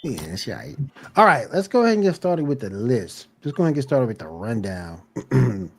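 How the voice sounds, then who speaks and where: Husky, swinging-voiced male podcast host. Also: medium pitch, sing-song, a little fast. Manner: laid-back, runs the rundown. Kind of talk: casual chat.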